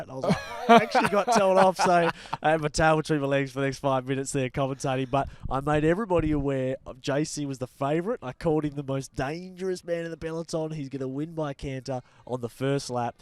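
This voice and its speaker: An Australian man co-hosting a cycling show, talking in an energetic, chatty way with lots of fillers. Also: fairly high pitch, a little fast, few pauses, smooth, dry recording. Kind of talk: casual sports chat.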